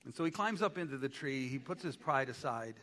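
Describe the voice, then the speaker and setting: Male pastor, sermon, chatty with quips, tense bright tone, boomy hall tail. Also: expressive, fairly quick. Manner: conversational, with joking asides. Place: church sanctuary. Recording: long church hall reverb.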